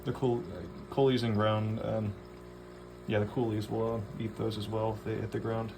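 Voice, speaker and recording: A man's voice: on the low side, little pitch movement, moderate pace, background noise. A man casually vlogging at home by his aquariums, rambling, swearing offhandedly and talking to his fish. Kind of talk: casual vlog chat.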